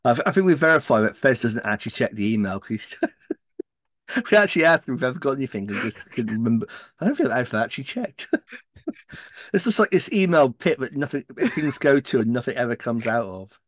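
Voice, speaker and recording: A man's voice: mid-range voice, very animated, a little fast, dry recording, clean studio sound. A middle-aged man co-hosting a podcast in casual, joking chat, often trailing off and restarting. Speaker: podcast co-host.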